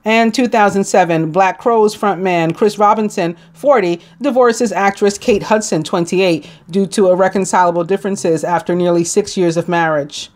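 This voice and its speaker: A woman's voice: mid-range voice, normal speed, few pauses, a little mellow. New York woman reading daily notes. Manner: reads list aloud, stumbles on names, asides with a laugh. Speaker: tarot reader.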